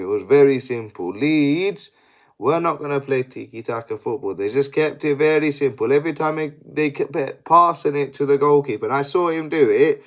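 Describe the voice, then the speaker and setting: A young man giving a sweary, exasperated post-match analysis as a football fan. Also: mid-range voice.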